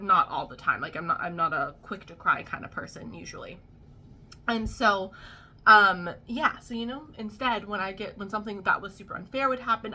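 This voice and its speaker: A woman's voice: medium pitch, bright, forceful tone. A young woman vlogging at home, talking casually and laughing at herself, with lots of ums and likes. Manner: chatty, laughing, self-deprecating, many fillers. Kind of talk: casual storytime vlog.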